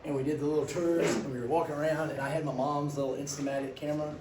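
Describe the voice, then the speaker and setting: A middle-aged man, teaching a class through animated stories and questions to students. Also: on the high side, fast. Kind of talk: classroom storytelling lecture. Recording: echoey classroom, distant mic, background noise.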